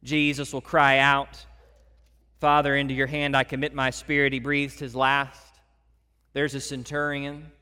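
A man preaching a sermon as a pastor to his church, swinging between loud emphatic passages and soft hushed ones. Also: medium pitch, monotone, measured pace, clean tone, long reverb tail.

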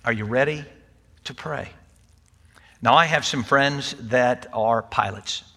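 Preaching at a slow pace, this older man has a mid-range voice that sounds pushed and bright. As pastor, he speaks to his congregation in a folksy, conversational manner with light humor, his words ringing with long hall reverb in the church sanctuary.

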